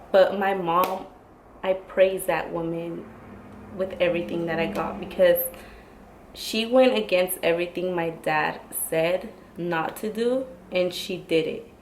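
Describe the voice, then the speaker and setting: A woman's voice: fairly low pitch, darkish tone, slight background noise, poor audio. A woman in her twenties chatting casually to her vlog audience, full of "like" fillers and Spanish words. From Oaxacan family, raised in the US. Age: 20s. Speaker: YouTuber.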